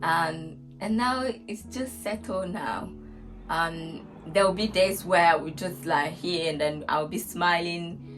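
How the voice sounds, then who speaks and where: A woman's voice: on the low side, slow pace. A young woman chatting casually as a vlogger about being a mother, laughing often and restarting sentences. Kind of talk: casual chat. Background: soft guitar music.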